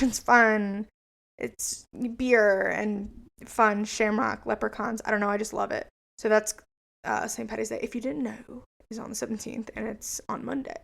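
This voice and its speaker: A woman's voice: a little high, gravelly. A young woman in her twenties hosting a casual solo podcast, chatty, rambling and profane. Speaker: podcast host.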